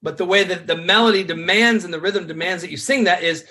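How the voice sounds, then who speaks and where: A man, a songwriter and worship leader, explaining songwriting craft in an energetic, conversational way. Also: high-pitched, fast. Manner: energetic, conversational teaching with frequent fillers.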